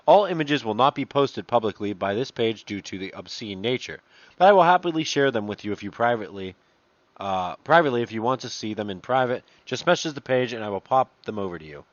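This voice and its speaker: A man's voice: medium pitch, animated, fairly quick, dry recording, muffled recording. A man casually reads online messages aloud and adds profane, mocking asides between them. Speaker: commentator reading online posts. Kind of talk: casual reading and commentary.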